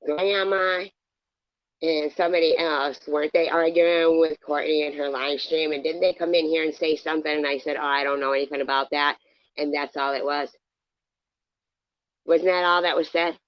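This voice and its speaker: Woman, low voice, combative, foul-mouthed, livestream argument, dull dry sound. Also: steady tone, moderate pace, no echo. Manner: cursing, combative, mocking. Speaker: livestream host.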